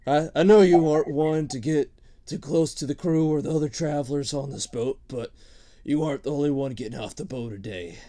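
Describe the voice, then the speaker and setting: A man voicing an old male orc boat captain who bids a fatherly, halting farewell. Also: on the high side, dark tone, voice pushed up, lightly acted. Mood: fond farewell.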